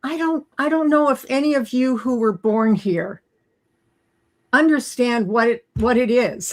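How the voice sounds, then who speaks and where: A woman's voice: fairly high pitch, unhurried, echoey room. A woman in her fifties from Canada, speaking earnestly and emotionally as a guest. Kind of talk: heartfelt personal talk.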